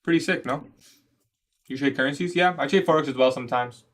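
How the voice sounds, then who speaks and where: A young man from Canada casually chatting on a trading livestream, answering viewer questions in a relaxed, slangy way. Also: a little high, brisk. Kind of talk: casual livestream chat reading comments.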